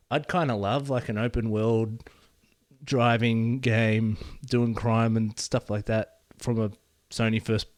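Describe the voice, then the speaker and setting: A man's voice: lowish voice, a little mellow, no room sound, clean studio sound. A man co-hosting a casual gaming podcast, easygoing and rambling, with lots of fillers. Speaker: podcast co-host.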